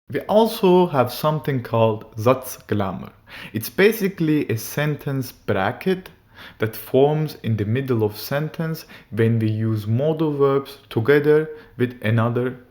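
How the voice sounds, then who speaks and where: A man explains grammar as a language teacher, moving through each point at an unhurried pace. His voice sits at an ordinary middle pitch. He reads his example sentences slowly and with care. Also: darkish tone. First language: German. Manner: slow, deliberate, reads German examples carefully.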